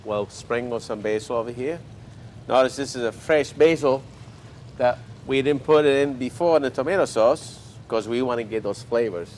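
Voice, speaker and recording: A man's voice: medium pitch, moderate pace, darkish tone, slight background noise. An older man hosting a cooking show, chatting while he cooks and telling folksy stories with joking asides.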